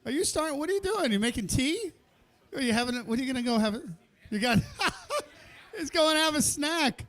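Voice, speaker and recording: A man's voice: extremely high pitch, animated, brisk, a bit bright. A man hosting a live cooking competition, calling the countdown and joking with the chefs and the crowd. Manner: joking, chatty, cheers the crowd on. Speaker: event host. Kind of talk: live play-by-play emceeing. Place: indoor cooking event kitchen.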